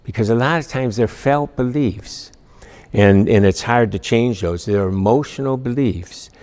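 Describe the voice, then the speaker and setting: A man's voice: medium pitch, unhurried, darkish tone, in a large hall. A man teaching an emotional resilience class, talking earnestly and asking the class questions as he reads a story aloud. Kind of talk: classroom lecture reading aloud.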